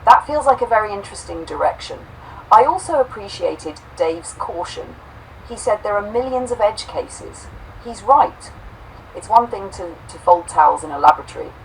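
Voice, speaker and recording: A woman co-host reading a homespun robot story aloud, saying the quote marks out loud, then reflecting warmly on it. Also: mid-range voice, animated, normal speed, vocal fry, far from the mic, slight background noise, rough recording. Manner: warm, affectionate, reads quote marks aloud.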